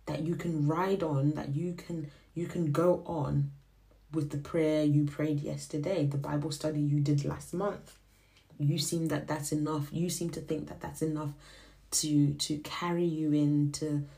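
A young woman whose first language is Shona hosts a podcast, telling a faith reflection in a casual, animated way and acting out the voices she quotes. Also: low voice, unhurried, vocal fry. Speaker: podcast host.

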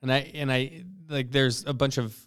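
A man's voice: medium pitch, fairly even intonation, normal speed, a bit bright, clean tone. A man in his thirties co-hosting a podcast in casual chat, rambling and hesitant with lots of fillers and self-deprecating humor. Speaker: podcast co-host.

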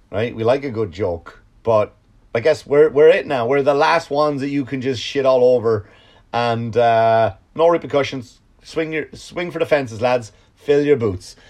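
Sarcastic Irish man doing a comedic monologue. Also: mid-range voice. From Ireland. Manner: sarcastic, profane, rambling. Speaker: podcast host.

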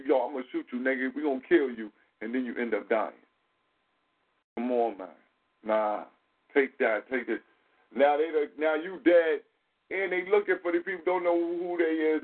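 Male call-in host, animated street talk, somewhat high voice, phone-line audio. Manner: animated, profane street slang. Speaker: show host. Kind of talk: casual call-in talk show.

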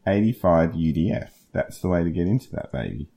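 Deep-voiced man joking around. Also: expressive, fairly quick, gravelly, dark tone. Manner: jokey, laughs often. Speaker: podcast co-host. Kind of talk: casual gaming podcast chat.

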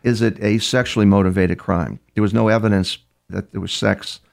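A man's voice: fairly low pitch, steady tone, normal speed, vocal fry. An older man, a criminal profiler, telling long anecdotes in an interview, with frequent restarts. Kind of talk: interview storytelling.

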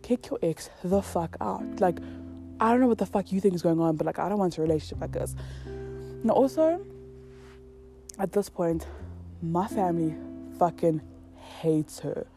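A woman's voice: on the low side, moderate pace, long pauses. A young woman telling a casual storytime to her viewers, swearing a lot and acting out the quotes. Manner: heavy swearing, animated storytelling with acted quotes. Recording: music playing behind.

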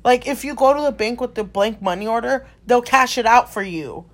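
A woman's voice: a little high, fairly quick. Chatty young woman telling a work story. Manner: animated storytelling, swears, says "dude" and "like" often. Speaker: store clerk telling a story. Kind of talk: casual chat.

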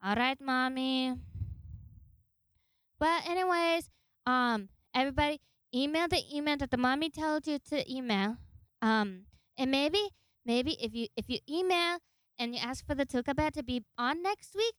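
A woman's voice: sits high, moderate pace, a bit bright, dry recording. A woman voicing a cheeky, defiant young female puppy who whines and talks back in a casual podcast bit. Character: sassy foul-mouthed young female puppy.

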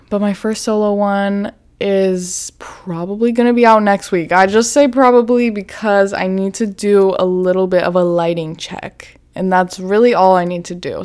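A young woman talks through her own podcast in a loose, casual way. She giggles often, swears freely and fills her sentences with "like," at an ordinary middle pitch. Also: a little mellow, clear, resonant tone. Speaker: podcast host. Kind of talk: casual solo podcast chat.

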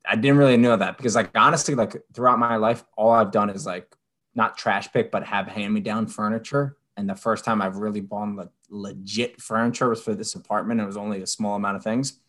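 A man co-hosting a podcast, telling a story with lively asides and mocking impressions of people. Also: a little fast. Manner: animated storyteller, mimics people in high voices. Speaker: podcast co-host. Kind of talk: casual chat.

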